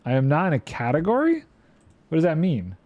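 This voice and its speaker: A man's voice: a little high, wildly swooping pitch, a little fast, a little mellow, no echo, lo-fi sound. A man streaming a building game, chatting playfully and thinking aloud while reading chat. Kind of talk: casual gameplay commentary.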